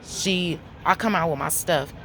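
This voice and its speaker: A woman, telling a story to camera in a blunt, profane, animated way. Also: lowish voice, unhurried, slight background noise. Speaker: vlogger.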